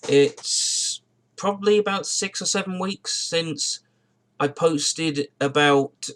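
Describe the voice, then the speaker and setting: A man's voice: fairly high pitch, slow, a bit bright. A man who has just got out of bed, telling a rambling, digressive story to camera in a car vlog and often correcting himself. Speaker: car vlogger.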